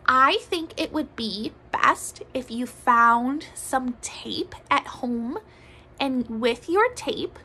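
Slow high-voiced woman teaching kids. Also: creaky, slightly rough, poor audio. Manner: slow, sing-song, speaking gently to young children; drops to soft whispers to demonstrate. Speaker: music teacher. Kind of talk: children's recorder lesson.

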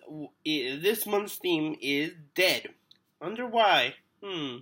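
A man's voice: on the high side, expressive, slow pace, pushed and bright. A man with a cold vlogging an unboxing in a loopy, rambling way. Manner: loopy and rambling, trails off, hums to himself. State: sick with a cold. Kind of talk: casual unboxing vlog.

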